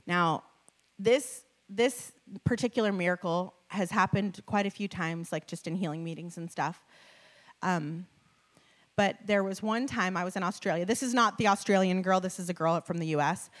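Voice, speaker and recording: Speaking before a live audience with slides, a woman preacher delivers a sermon built around a personal story. Her delivery is conversational and animated, sprinkled with laughs and fillers, in a lowish voice at a normal speed.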